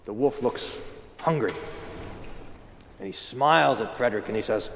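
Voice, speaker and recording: A man's voice: fairly high pitch, big-room sound. A man preaching as a pastor in a church, telling a story with animation and speaking earnestly. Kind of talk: sermon.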